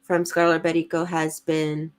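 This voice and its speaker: A woman's voice: sits low, completely flat delivery, normal speed, clean tone. A woman, co-hosting a casual livestream, chatty and giggly as she reads comments aloud. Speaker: podcast co-host reading live chat.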